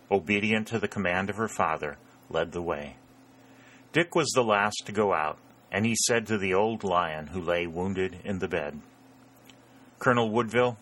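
A man narrating a historical novel in an unhurried, measured delivery. His voice sits very low and deep, and he keeps the telling steady from line to line. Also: a little hiss or hum. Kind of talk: audiobook narration.

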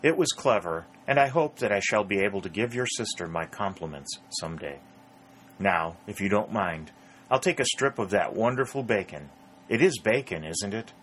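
A man's voice: on the low side, expressive, moderate pace, a bit bright, slight background noise. A man reading the lines of a good-humoured young captain in a storybook, easygoing and courteous. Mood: friendly.

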